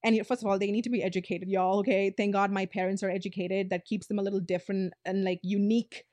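A woman's voice: medium pitch, flat delivery, fast, darkish tone, no echo. A woman in her twenties hosting a podcast, telling a story in a blunt, casual way, swearing freely and saying "like" a lot. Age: 20s. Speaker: podcast host.

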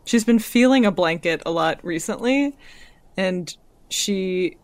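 A woman's voice: fairly low pitch, animated, measured pace, dry recording. A woman playing a tabletop game, describing her character's actions in a hesitant, chatty way. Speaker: player. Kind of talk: tabletop role-play.

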